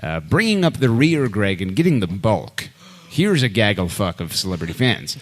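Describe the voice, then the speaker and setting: A man co-hosting a podcast, reading out a fan leaderboard in crude, deadpan banter. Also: normal speed. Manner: deadpan, profane, lively pitch.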